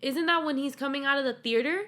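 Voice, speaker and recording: A woman co-hosting a podcast, chatting in a giggly, animated way. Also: high voice, fast talker. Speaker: podcast co-host. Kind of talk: casual chat.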